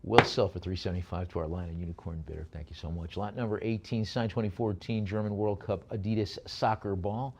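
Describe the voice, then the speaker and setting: A man's voice: fairly low pitch, fairly even intonation, fairly quick, hardly any pauses, a little mellow. A man working as an auctioneer, calling out bids at a live auction and slipping in jokey asides between lots.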